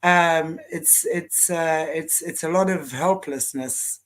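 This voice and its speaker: A woman hosting an interview, answering in an emotional, halting way with many restarts. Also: deep voice. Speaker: host. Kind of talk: interview conversation.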